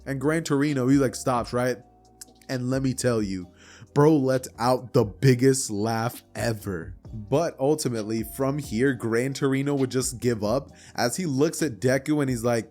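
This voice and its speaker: A man's voice: medium pitch, measured pace, faint music behind. A young man telling a made-up anime story in a chatty, slangy way. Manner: slangy, chatty, animated retelling. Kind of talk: casual storytelling.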